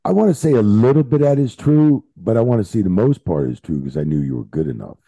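A low, gravelly man with a dark, husky tone and a voice that jumps around a lot as he talks. He tells stories casually and swears freely, keeping the chat lively. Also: fast, dry recording, muffled recording. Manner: profane, animated storyteller. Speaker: guest, veteran wrestling referee. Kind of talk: casual podcast storytelling.

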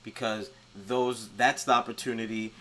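A man co-hosting a podcast, speaking in a measured, thoughtful way in casual chat. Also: medium pitch, flat delivery, fairly bright tone. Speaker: podcast co-host.

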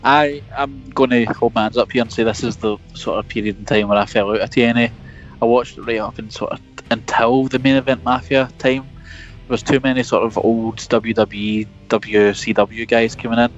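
A man in casual podcast chat, blunt and opinionated, with a mid-pitched voice. His audio sounds a little dull and lo-fi. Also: steady tone, moderate pace, soft background music. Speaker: podcast co-host.

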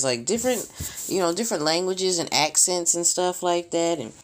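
A woman talking frankly in a casual monologue, rambling and profane, with blunt asides and bursts of mimicry. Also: moderate pace. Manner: mimics sounds with shrill outbursts. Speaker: vlogger.

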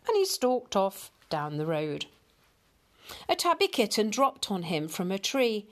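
Slow, expressive woman reading a storybook. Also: mid-range voice. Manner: slow, expressive read-aloud.

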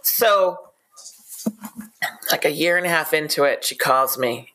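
A woman guest in an interview, a PR expert telling animated anecdotes in a blunt, straightforward way. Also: low-pitched, measured pace. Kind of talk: casual interview storytelling.

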